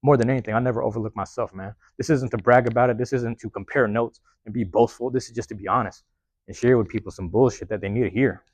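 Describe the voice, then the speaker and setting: A man's voice: mid-range voice, steady tone, quick pace, no echo. A man hosting a podcast alone, rambling in a casual, profane monologue and tagging lines with "man", recorded on a phone. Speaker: podcast host.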